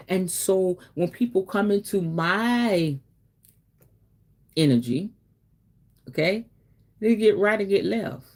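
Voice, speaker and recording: A woman's voice: mid-range voice, lively intonation, slow, pauses often, darkish tone. A woman hosting a casual spiritual talk, chatty and preachy, often calling listeners baby and checking in with okay. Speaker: spiritual reader and host.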